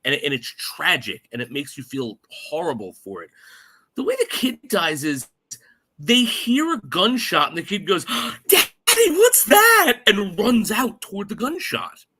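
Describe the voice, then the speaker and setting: A man co-hosting a casual movie review podcast, talking in an animated way, swearing and acting out quotes in funny voices. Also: on the high side, normal speed, a little hiss or hum. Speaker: podcast co-host.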